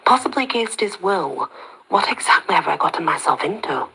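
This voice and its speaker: A woman narrating a story in the first person, soft-spoken and slipping into whispers. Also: fairly low pitch, animated, brisk, vocal fry, breathy edge, low-quality recording.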